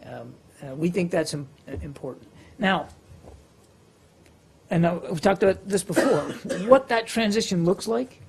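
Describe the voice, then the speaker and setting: A man's voice: sits high, unhurried, vocal fry, slight background noise. A man briefing reporters as a government spokesperson, answering questions with many fillers and restarts.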